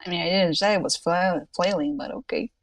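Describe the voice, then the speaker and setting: A woman describes her character's moves in a tabletop game, dry and grumbling. Her voice sits somewhat low, recorded dry and close. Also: brisk, no echo. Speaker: player. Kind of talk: casual chat.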